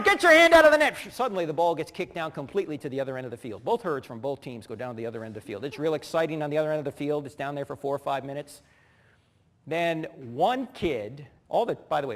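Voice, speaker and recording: A middle-aged man giving a humorous teaching talk, telling animated stories, acting out voices and laughing as he goes. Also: mid-range voice, fast talker. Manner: animated storyteller who acts out voices and laughs. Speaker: speaker. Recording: long hall reverb.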